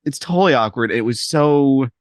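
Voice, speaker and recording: A medium-pitched male voice, at normal speed, belongs to a podcast co-host in casual conversation. He's an animated storyteller who acts out quotes, and the studio-quality recording has no echo.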